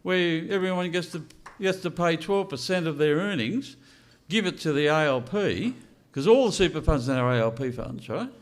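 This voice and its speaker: A man's voice: fairly high pitch, expressive, normal speed, few pauses. An older man giving a blunt, unscripted speech to an audience and asking rhetorical questions. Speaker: speaker at a political launch event.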